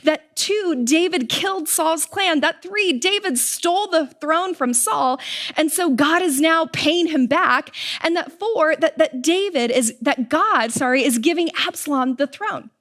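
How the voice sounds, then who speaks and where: Young woman, preacher, high voice, casual sermon, animated storyteller, slangy. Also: unhurried.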